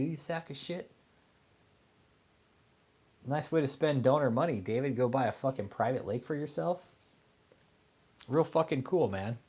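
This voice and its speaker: A man's voice: mid-range voice, darkish tone. A man hosting an online commentary show, ranting angrily and profanely at a preacher, mocking him with insults. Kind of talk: casual profane rant.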